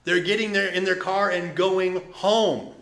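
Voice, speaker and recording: A man preaching a sermon as pastor, moving between loud exclamations and quiet asides. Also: high-pitched, a little slow, a little hiss or hum. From Detroit. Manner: animated, swings from loud exclamations to soft asides. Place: church sanctuary. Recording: echoey room.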